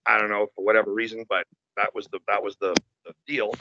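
A man in casual conversation, telling stories in an animated, profane way. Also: on the low side, fast talker, creaky, background noise. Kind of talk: casual chat. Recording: dull lo-fi sound.

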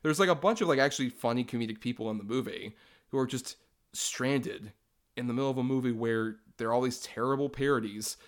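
A man's voice: mid-range voice, a little fast. A man in a casual podcast chat about movies, speaking wryly and sarcastically with many fillers. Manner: wry, sarcastic, filler-heavy.

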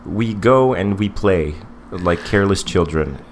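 A man's voice: deep voice, animated, measured pace, noisy background. A man in his forties co-hosting a casual podcast movie review, rambling with many fillers and restarts. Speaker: podcast co-host.

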